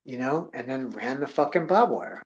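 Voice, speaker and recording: A man's voice: mid-range voice, big pitch swings, normal speed. A man telling a rambling, profane story in a blunt, heavily swearing way. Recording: dull lo-fi audio.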